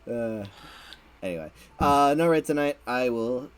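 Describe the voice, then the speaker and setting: A man's voice: mid-range voice, expressive, unhurried, clean tone. A man hosting a casual late-night stream chat, rambling and repeating words, laughing often. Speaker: streamer host.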